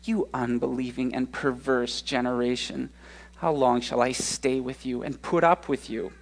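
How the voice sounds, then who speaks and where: A stern, weary teacher rebuking a crowd, as a preacher reads his words. The voice drops lower and quieter, subdued but firm. It is exasperated and heavy. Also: steady tone, measured pace, vocal fry, low-quality recording.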